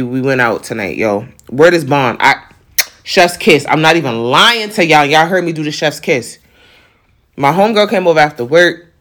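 A man with a New York accent speaks in a voice pitched a little high for a man. He hosts a podcast and talks straight to his listeners in a loose, passionate monologue, leaning on slang and repeating his points for emphasis. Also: a bit bright. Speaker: podcast host.

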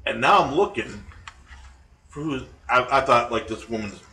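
A man casually recounting paranormal investigations, animated and quick to laugh, acting out the voices he quotes. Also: mid-range voice. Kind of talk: casual storytelling chat. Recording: echoey room, distant mic, faint noise.

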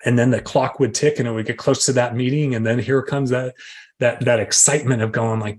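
A middle-aged man from Arizona, USA, gives a candid, self-deprecating recovery share, acting out his own inner voices. His mid-range voice is steady, slightly rough and darkish, and he talks a little fast.

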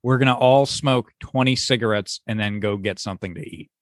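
A man's voice: mid-range voice, fairly quick, dry recording, clean studio sound. A man co-hosting a casual podcast, rambling and sarcastic, with lots of "like" fillers. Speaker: podcast co-host. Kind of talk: casual chat.

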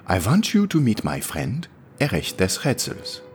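A man's voice: fairly low pitch, wildly swooping pitch, unhurried, faint music behind, pitched above the performer's own voice. A man doing a genial, formal old host. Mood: welcoming.

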